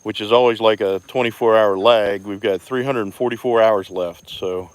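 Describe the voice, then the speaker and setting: A man with a lowish voice gives a relaxed, rambling walkaround of his homestead, greeting viewers by name as he goes. He talks into a phone while walking outdoors, with crickets and insects buzzing behind him. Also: normal speed, clean tone, no echo. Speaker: homestead vlogger. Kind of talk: casual live-stream walkaround.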